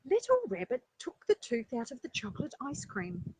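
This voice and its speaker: A woman reading a children's story aloud, breaking off for chatty asides and rhetorical questions to her listeners, with a breathy voice. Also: on the high side, wildly swooping pitch, normal speed, a little mellow, a little hiss or hum. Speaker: storyteller and life coach.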